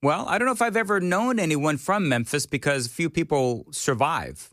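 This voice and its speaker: A man's voice: a little high, expressive, normal speed, a bit bright, dry recording. Man, radio host, opinionated, joking, dry studio sound. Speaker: radio talk show host. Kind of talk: morning talk radio. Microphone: studio mic.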